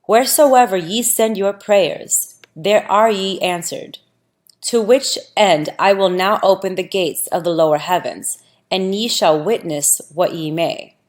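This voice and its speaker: A woman voicing a solemn, authoritative angel in a scripture audiobook, measured and proclamatory. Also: medium pitch, natural voice.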